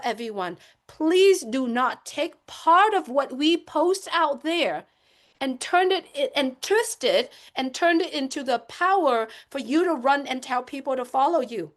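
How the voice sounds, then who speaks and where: A woman speaking as a panelist on a webinar, giving an impassioned, emphatic talk that circles back to its points. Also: sits high. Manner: emphatic, repetitive, lecturing.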